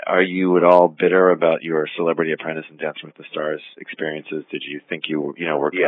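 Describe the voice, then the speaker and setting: A man's voice: very deep voice, level tone, quick pace, no echo. A man interviewing a guest, asking short prompting questions. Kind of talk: phone interview. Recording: dry tinny phone line.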